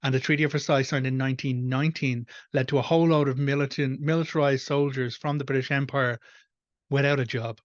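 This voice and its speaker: A man's voice: medium pitch, steady tone, fast, no room sound, highs cut off. Frustrated Irish man ranting. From Ireland. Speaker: host. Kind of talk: reaction commentary.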